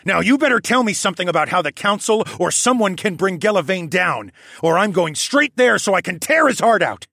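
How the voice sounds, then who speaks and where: A man voicing an enraged husband who growls and roars with a raised, husky, loud voice. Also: sits high, very animated, fairly quick, dry recording, clean studio sound, voice pushed up, heavily acted. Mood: furious. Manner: growling, raging. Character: furious husband, growling and impatient.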